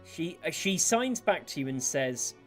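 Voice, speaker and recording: A woman game master narrates a tabletop scene in a lowish voice, lively and full of fillers. Soft music runs faintly behind her. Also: unhurried.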